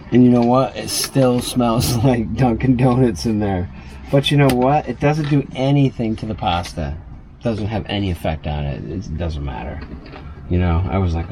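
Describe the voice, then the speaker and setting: A man's voice: lowish voice, noisy background. A man chatting loosely through a casual cooking vlog inside his small RV, full of fillers and asides.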